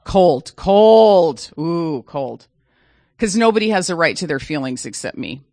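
A woman's voice: deep voice, big pitch swings, moderate pace, dry recording. A middle-aged woman telling a personal story in a dramatic, self-mocking way.

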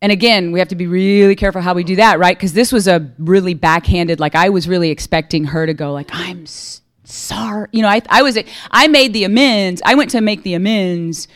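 Speaking briskly and with few pauses, a woman with a lowish voice gives an honest, chatty account of her recovery at a meeting. She often turns to her audience with "right?"

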